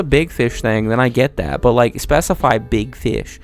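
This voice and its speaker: A man's voice: mid-range voice, moderate pace, hardly any pauses, soft background music. A young man giving a profane, rambling comedic monologue with mock disbelief. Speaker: video creator.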